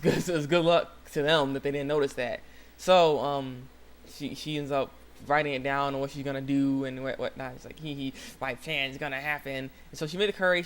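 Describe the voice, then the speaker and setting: A young man hosting his own channel, retelling an episode in a rambling, excitable way with lots of fillers and restarts. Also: a little high. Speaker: channel host. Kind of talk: casual anime episode recap.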